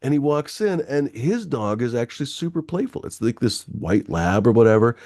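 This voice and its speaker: A man's voice: medium pitch, normal speed, no room sound, studio quality. A man telling a long personal anecdote in casual chat, swearing freely and full of fillers. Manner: profane, animated anecdote-telling with many fillers.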